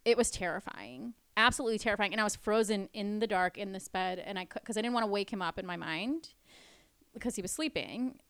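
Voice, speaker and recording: A woman chats on a podcast, recorded close and dry with no room sound. Her pitch sits in a middle range. She tells stories with energy and acts out the other people in them. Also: fairly quick, smooth, no echo. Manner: animated, acts out quotes with laughter. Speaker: podcast co-host and bartender. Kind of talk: casual chat and storytelling.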